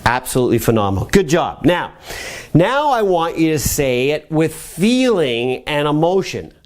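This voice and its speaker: A middle-aged man teaching a motivational web lesson on personal growth, coaching the listener with energetic, repeated commands. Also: fairly high pitch, normal speed. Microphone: camera mic.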